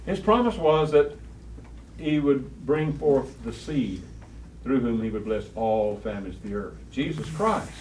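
A man's voice: mid-range voice, animated, measured pace, a little mellow. Man teaching a Bible class, roomy and distant. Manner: quizzes the class, repeats key phrases with emphasis. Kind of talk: Bible study lesson. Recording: roomy, distant, faint room noise.

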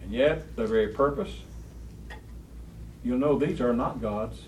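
A man's voice: medium pitch, unhurried. A man teaching a Bible study class, quizzing the students and repeating key phrases with emphasis. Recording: roomy, distant, faint room noise.

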